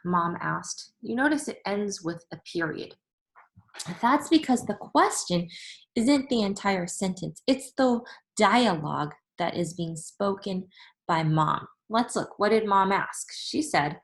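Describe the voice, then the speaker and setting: A woman's voice: mid-range voice, lively intonation, poor audio. Patient woman teacher explaining grammar. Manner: patient and deliberate, repeats and rereads examples aloud; addresses students directly and warmly as scholars. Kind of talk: recorded remote classroom lesson.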